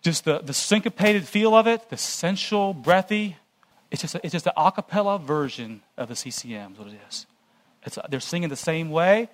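A man with a fairly high voice addresses a church gathering in an earnest, cautionary tone. He delivers a conversational sermon-style lecture, talking directly to the congregation. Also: animated, normal speed. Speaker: church speaker.

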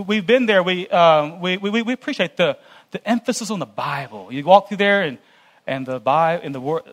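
This church speaker, a man whose voice sits fairly high, delivers an earnest warning to the gathering. He keeps his sermon-like lecture conversational, speaking directly to those present.

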